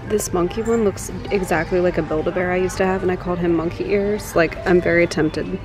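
Music plays under a young vlogger's casual, gushing chatter as she films herself at home, driving and shopping, saying "like" constantly. Her lowish voice holds a steady tone, and she talks quickly with almost no pauses.

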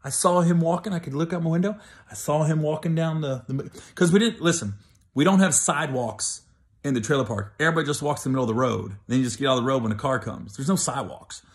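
A man's voice: on the high side, fast talker. A middle-aged man telling a comic story, loose and chatty, laughing between bits. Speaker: comedian.

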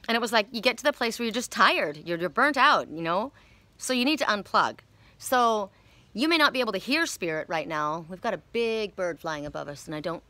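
A woman's voice: mid-range voice, expressive, fairly quick, bright, forceful tone, dry recording. A woman giving a casual spiritual card reading outdoors, talking in a rambling, candid, chatty way. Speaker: oracle card reader.

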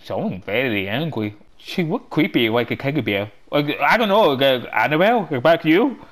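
Excitable man narrating his gameplay. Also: mid-range voice. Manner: chatty and excitable, talking to himself as he plays; loose, halting non-native English phrasing. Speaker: gaming channel host. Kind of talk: gameplay walkthrough commentary.

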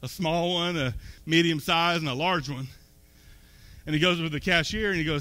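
A man's voice: on the high side, normal speed, bright, forceful tone. A man preaching a sermon as pastor, talking conversationally and then building up to emphatic peaks. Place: church sanctuary. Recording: long hall reverb.

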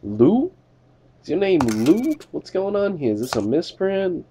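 A man's voice: on the high side, sing-song, unhurried, mellow, a little hiss or hum. A young man giving casual, jokey game commentary, talking to the characters as a border inspector and swearing now and then. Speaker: gamer doing a let's play.

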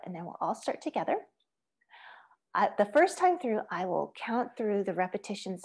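A woman's voice: mid-range voice, very animated, moderate pace, husky. Woman giving a patient music lesson. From Asia. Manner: friendly, patient step-by-step instructions; chants rhythm syllables and counts aloud. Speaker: music teacher.

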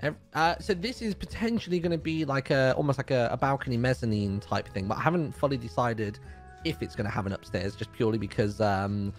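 A man's voice: mid-range voice, animated, fairly quick. Young guy streaming a game, teasing and jokey, voice jumps all over, light music faint behind. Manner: teasing, joking, playful. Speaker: streamer playing a Minecraft role-play. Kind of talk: casual role-play chat.

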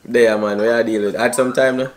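A man's voice: medium pitch, fairly even intonation, a little fast, background noise. A young man with a Jamaican accent chatting casually and joking in slangy banter as a YouTuber. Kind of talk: casual vlog chat.

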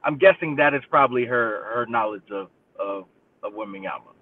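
A man, a football reporter guest, giving measured, analytical takes as he calls in to a radio show. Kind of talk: call-in sports analysis. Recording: distant phone line with rumble.

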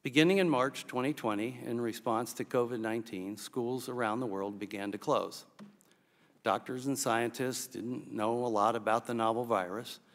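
A man chairing a congressional subcommittee, reading a measured, formal opening statement. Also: medium pitch. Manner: measured, procedural. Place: congressional hearing room. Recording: reverberant hearing room.

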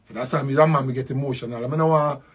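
An older musician with a Jamaican accent gives a slow, reflective spoken tribute, repeating his phrases. His voice is medium-pitched, steady, and slightly rough.

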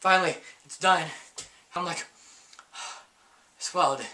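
A man telling a funny personal story in a casual, animated, self-mocking way. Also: high voice, slow, recorded from a distance.

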